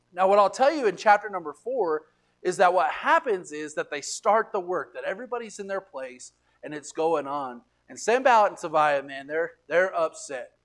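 A pastor preaching a sermon, animated, often repeating words and swinging between quiet asides and loud emphasis. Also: male voice, sits high. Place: church sanctuary.

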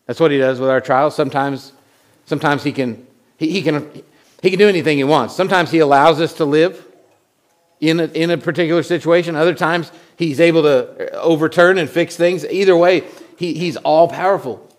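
Guy preaching a sermon, chatty, stumbles and repeats words, goes loud then real quiet. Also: a little high, fairly even intonation, a little fast. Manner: conversational, repeats words, swings from loud to hushed. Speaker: pastor.

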